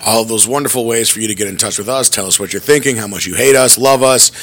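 Jokey, lively man hosting a podcast. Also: fairly low pitch, quick pace. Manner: jokey, lively, full of pop-culture riffs. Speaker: podcast host. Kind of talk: casual podcast chat.

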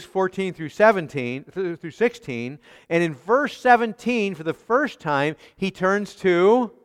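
A man's voice: high voice, clean tone. Emphatic preacher man in a reverberant hall. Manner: emphatic, rhetorical questions, repeats phrases. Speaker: pastor. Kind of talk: sermon.

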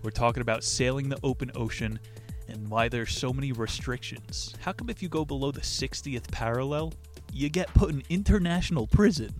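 A man's voice: medium pitch, a little fast. Crude joke-cracking guy hosting a book podcast, medium voice, bit of music behind. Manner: brash, swearing, cracking corny jokes. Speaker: podcast host reviewing books. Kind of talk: crude comedic book chat with read-aloud passages.

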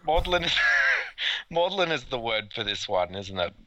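A man's voice: medium pitch, big pitch swings, a little slow, sharp tone, no room sound, highs cut off. A man on a podcast, tossing in dry, joking asides. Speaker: podcast co-host. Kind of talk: casual chat. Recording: dry close sound.

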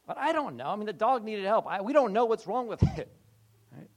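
An animated man preaching in a loose, conversational way. His voice sits a touch higher than most men's, and he often slips into short acted-out voices and trips over restarts. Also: a little fast. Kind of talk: sermon.

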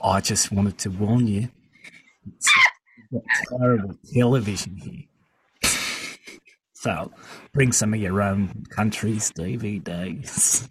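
A man putting on a gruff Australian man, speaking in a low undertone with an Australian accent. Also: slow pace, pauses often, exaggerated voice, rough recording. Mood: mock-earnest. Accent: put-on Australian.

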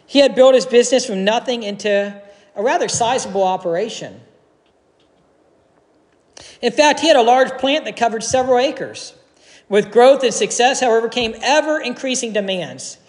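A male pastor gives an earnest sermon in a church, quoting authors and pausing for effect. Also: extremely high pitch. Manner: earnest, quotes authors, dramatic pauses. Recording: long hall reverb.

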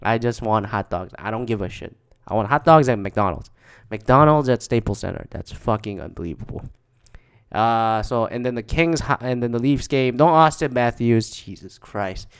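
Rambling through memories of games he went to, a man curses freely and leans on plenty of fillers. He speaks at a moderate pace in a mid-range, expressive voice that is clear and resonant.

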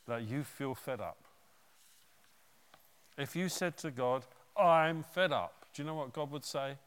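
A man preaching a sermon, retelling a Bible story in an animated way with conversational asides. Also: mid-range voice, long reverb tail.

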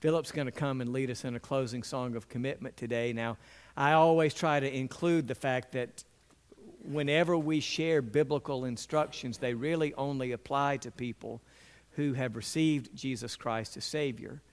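In a smooth delivery at normal speed, a middle-aged pastor preaches with earnest conviction. Biblical characters get lively, pitched-up voices, while key points come low and quiet.

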